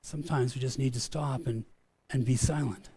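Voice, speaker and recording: A man's voice: mid-range voice, steady tone, normal speed, warm tone, slightly rough. A man preaching a sermon in a conversational way, often repeating and restarting words, and calling his own preaching a rant. He sounds middle-aged and speaks as the pastor of his church.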